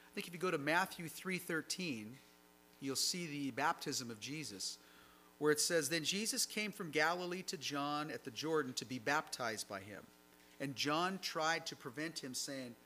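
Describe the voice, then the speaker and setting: A man's voice: on the high side, animated, normal speed, sharp tone, slight background noise, rough recording. A man preaching a sermon, reading scripture aloud and explaining it in a conversational way. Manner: reads passages aloud then comments conversationally.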